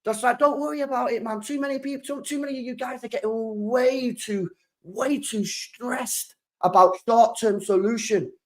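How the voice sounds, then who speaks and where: A young British man hosting a football channel, chatting casually and excitably on a live stream, full of slang and repeating himself. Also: extremely high pitch, moderate pace. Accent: British English.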